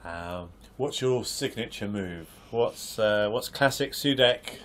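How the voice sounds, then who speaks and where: A man's voice: lowish voice, expressive, takes it slowly, a bit bright. A man hosting an improv podcast, playful and teasing with a wry humour. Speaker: podcast host. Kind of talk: casual interview chat.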